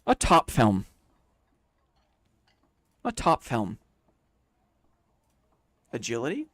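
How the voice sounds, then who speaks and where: A man's voice: medium pitch, wildly swooping pitch, drawn-out words, fairly bright tone. A man chatting casually on a late-night game live stream, thinking aloud and repeating phrases to himself.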